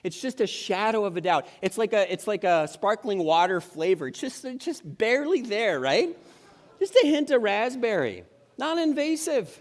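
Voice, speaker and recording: A middle-aged man preaching a sermon with a higher-than-usual voice. He talks casually and jokes, restarting his phrases often, and his voice hangs in the long reverb of a church sanctuary. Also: sing-song, moderate pace. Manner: conversational, humorous, with frequent restarts. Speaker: pastor.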